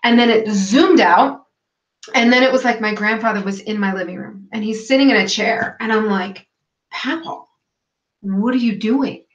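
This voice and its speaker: A woman guest in a casual interview, telling a personal story in an animated way and acting out what others said. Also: mid-range voice, normal speed. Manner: animated storytelling, acts out quoted voices. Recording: echoey, dull lo-fi call audio.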